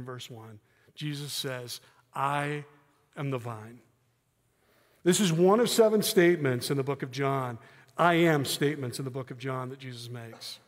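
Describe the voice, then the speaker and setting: A middle-aged man giving a sermon with personal testimony in a church, earnest and candid, with soft self-deprecating laughs. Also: mid-range voice. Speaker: guest preacher. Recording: long reverb of a church hall.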